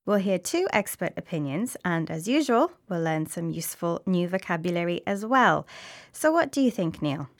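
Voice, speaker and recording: A woman's voice: lowish voice, sing-song, moderate pace. A woman co-hosting an English learning program, presenting scripted lines in a conversational way. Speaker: co-host of an English learning show.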